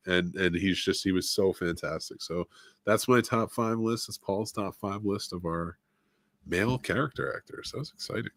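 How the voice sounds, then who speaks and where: A man's voice: on the low side, sharp tone, no room sound, clean studio sound. A man co-hosting a film podcast in casual chat, enthusiastic and stopping often for "uh". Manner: enthusiastic, listy, many "uh" fillers. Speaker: podcast co-host.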